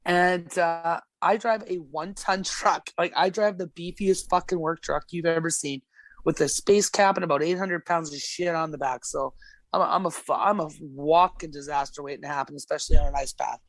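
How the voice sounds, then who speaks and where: A woman's voice: sits low, steady tone, moderate pace, no echo. Blunt, profane woman telling stories. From Alberta, Canada. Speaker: gas service technician, podcast guest. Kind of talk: casual podcast storytelling.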